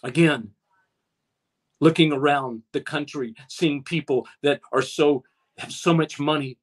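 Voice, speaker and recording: A man's voice: a little high, slightly rough. A man preaching an impassioned online sermon, with his voice rising as he exhorts his listeners. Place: streamed online, talking to a chat audience.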